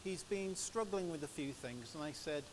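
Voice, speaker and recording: Give me an English preacher at a church microphone, sharing stories in a relaxed, anecdotal way. His voice sits a little high for a man. A steady hiss runs under the recording. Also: moderate pace. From England. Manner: chatty, anecdotal storytelling. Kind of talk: sermon with personal stories.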